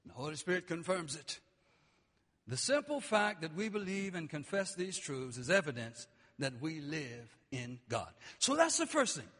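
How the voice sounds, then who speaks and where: A man preaching a sermon with passion, dropping low and then rising to shouts. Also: big pitch swings, normal speed, long reverb tail. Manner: impassioned, swings between quiet and shouting.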